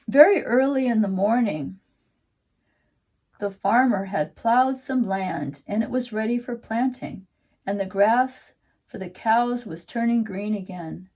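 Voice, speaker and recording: Gentle, slow-talking woman teacher. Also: mid-range voice. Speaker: art teacher. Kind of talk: children's painting lesson and storytelling.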